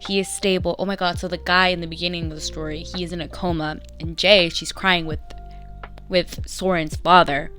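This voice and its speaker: Young woman vlogger, lower pitch, casual animated story recap, soft music bed. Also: moderate pace. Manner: chatty, animated, acts out dialogue in bursts. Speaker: vlogger reading fanfiction aloud.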